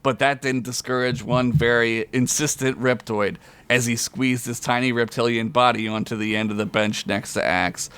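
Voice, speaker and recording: Male storyteller, average pitch, dry close sound, reads comic fantasy and laughs along. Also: fairly even intonation, moderate pace, clear, resonant tone, dry recording. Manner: reads aloud with frequent chuckles, loud high character voices. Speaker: podcast storyteller. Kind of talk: comedic fantasy story reading.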